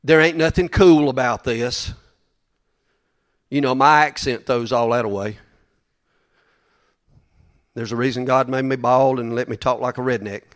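Brief: male preacher, drawl, folksy and emphatic, mid-pitched, repeats for effect. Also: fairly even intonation, measured pace, pauses often. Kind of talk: sermon.

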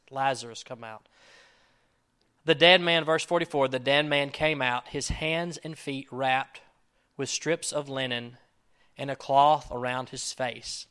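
Bright-voiced earnest male preacher. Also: medium pitch, clear, resonant tone. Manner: earnest, swings between loud emphasis and quiet asides; acts out quoted prayers and lines. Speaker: pastor. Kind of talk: sermon.

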